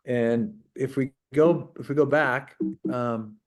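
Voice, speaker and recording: A man's voice: medium pitch, fairly even intonation, slow. A man hosting a safety talk over a video call, thanking a guest in an easygoing, slightly rambling way. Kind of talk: casual moderating.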